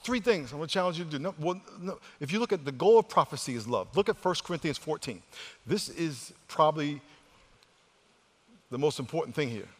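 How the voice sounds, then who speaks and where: A man with a fairly high voice preaches a sermon to his congregation, calling on them to repeat words back to him. He shifts between loud exhortation and quiet, hushed lines, repeating himself as he restarts. His voice rings through a church hall with a long reverb tail. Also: lively intonation, brisk. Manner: call-and-response, leads the congregation to repeat words. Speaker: pastor.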